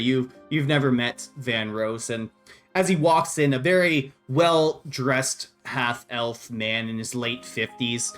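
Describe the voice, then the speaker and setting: A man's voice: mid-range voice, a bit bright. Laid-back male game master narrating. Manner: loose, chuckling narration with fillers.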